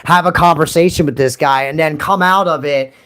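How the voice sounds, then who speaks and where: A man's voice: fairly high pitch, a little fast, poor audio. Rambling, earnest man with a raised voice. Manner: rambling and earnest, lots of fillers and "guys"; excitable, swears casually. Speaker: channel creator. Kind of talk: casual vlog chat to viewers.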